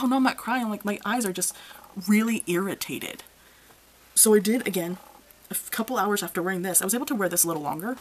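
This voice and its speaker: A woman's voice: fairly low pitch, slight background noise, low-quality recording. A young woman giving a casual makeup review in a blunt, chatty, exasperated way. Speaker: beauty reviewer.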